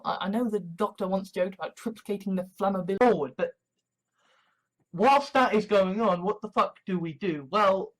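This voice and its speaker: A man's voice: high voice, normal speed, low-quality recording. A young man, rambling through monologue clips with heavy swearing and many restarts. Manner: profane, rambling, with frequent restarts. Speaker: amateur sermon vlogger.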